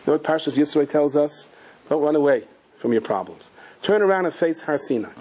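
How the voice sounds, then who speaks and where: Husky man telling a story in a class. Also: a little high, fairly quick. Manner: animated storyteller, asks listeners questions. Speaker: rabbi.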